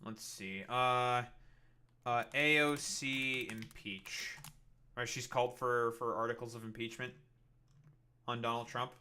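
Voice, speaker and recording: A man's voice: medium pitch, steady tone, sharp tone, clear, resonant tone. A man streaming, reacting to a video in rambling, profane, sarcastic casual commentary. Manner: halting, with many fillers and restarts.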